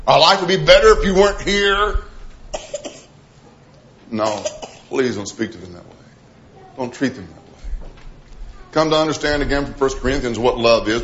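A middle-aged male preacher delivers a sermon, animated and vivid, acting out little quoted voices, then sinking to a hushed tone to drive a point home. His voice sits on the higher side for a man. The recording is dull and lo-fi. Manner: animated, acts out quoted voices, drops to soft emphasis.

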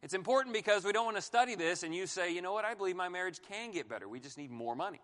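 A man in his forties teaching a Bible class on marriage, animated, asking the room questions and joking. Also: high-pitched, very fast, long reverb tail. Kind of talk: sermon-style Bible teaching.

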